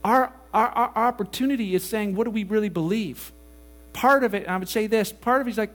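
A man preaching a sermon, animated and casual, acting out quoted voices as he goes. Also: high voice, fairly quick. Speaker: pastor.

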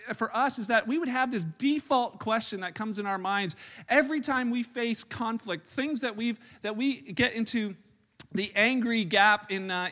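Male pastor, high voice, sermon delivered as loose, self-deprecating storytelling. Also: bright, forceful tone. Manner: chatty, self-deprecating storytelling with many restarts. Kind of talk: sermon with family stories. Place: church service.

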